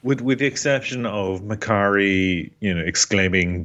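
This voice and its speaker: A man co-hosting a podcast in casual chat, enthusiastic and quick to laugh. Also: lowish voice, lo-fi sound. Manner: enthusiastic, laughs often, animated when quoting. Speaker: podcast co-host.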